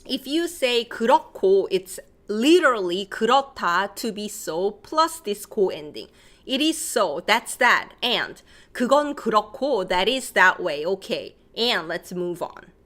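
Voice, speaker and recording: A woman's voice: medium pitch, big pitch swings, normal speed, fairly bright tone. A woman from Korea with a Korean accent, teaching a live-streamed language lesson, reading out viewers' questions and explaining in English with Korean examples.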